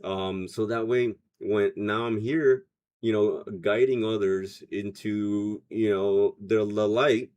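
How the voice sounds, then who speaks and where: Man, low voice, loose rambling livestream host who laughs often. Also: steady tone, slow pace, darkish tone, muffled recording. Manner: loose, rambling, reads chat comments aloud, laughs often. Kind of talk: casual livestream chat.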